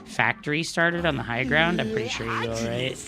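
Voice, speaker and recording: A young man streaming a strategy game live, commenting on his play with excitable, profane outbursts and talking to his chat. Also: medium pitch, a little fast. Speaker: streamer and coach.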